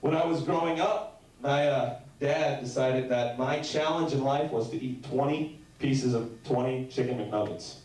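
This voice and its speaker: A young man performing a stand-up comedy set, telling rambling deadpan stories and breaking into sudden shouted bits. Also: mid-range voice, measured pace. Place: comedy club stage. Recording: very echoey room heard from a distance.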